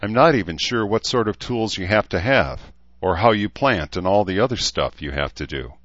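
A man's voice: lowish voice, lively intonation, moderate pace, fairly bright tone, no echo, muffled recording, pitched above the performer's own voice. A man reading an audiobook, raising his voice to play an anxious, questioning young woman.

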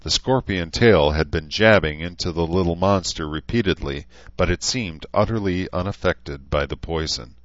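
A man reading a novel aloud as an audiobook narrator, steady and even. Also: sits low, normal speed, few pauses, no room sound. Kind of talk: scripted narration. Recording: dull, lo-fi, dry.

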